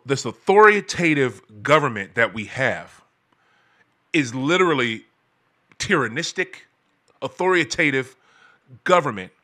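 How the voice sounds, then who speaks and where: A man hosting his own show, delivering a heated, profane rant full of stammering restarts and sudden shouting. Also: mid-range voice. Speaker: podcast host. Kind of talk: heated ranting monologue.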